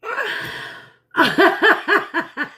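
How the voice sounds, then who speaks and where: A woman's voice: very high-pitched, very animated, very slow, pushed and bright. A middle-aged woman hosting a casual livestream from home at night, blunt and laughing often. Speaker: livestream host. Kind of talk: casual live chat.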